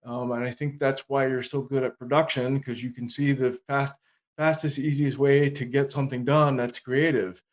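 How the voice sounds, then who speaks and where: A man co-hosts a podcast in relaxed conversation. He speaks steadily and reflectively, with a mid-range voice. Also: mid-range voice, moderate pace. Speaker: podcast co-host. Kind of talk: casual conversation.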